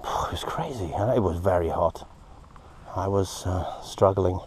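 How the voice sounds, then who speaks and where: A man hosting a casual vlog outdoors at a quarry. He talks excitedly, gasping and dropping into breathy whispers. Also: low-pitched, unhurried, noisy background. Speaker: host, moldavite hunter.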